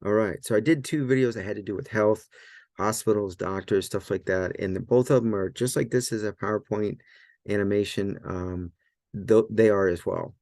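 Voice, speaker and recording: A man teaching a language lesson in a relaxed, loose way, often checking in with "right?" and filler words. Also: fairly low pitch, moderate pace, no echo, clean studio sound. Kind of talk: casual explanatory lesson.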